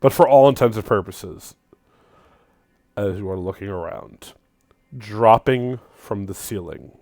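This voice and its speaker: A man's voice: lowish voice, a little slow, a little mellow, no room sound, studio quality. A man narrating a tabletop game as game master, with joking asides to players.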